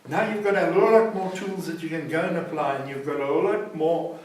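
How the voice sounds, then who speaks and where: A man's voice: fairly high pitch, moderate pace. A South African man teaching a class at a recovery centre in an emphatic, preaching style, often checking that his listeners follow him. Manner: emphatic, keeps asking "see what I'm saying?". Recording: very echoey room, mic far off.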